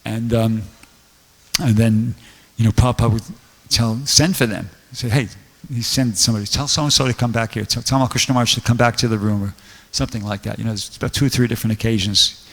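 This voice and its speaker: A man with a gravelly, creaky voice gives a loose, rambling scripture lecture, full of fillers and restarts. His talk rings out with the long reverb of a temple hall. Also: mid-range voice, steady tone, fast. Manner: rambling storytelling with many fillers. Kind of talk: casual scripture class.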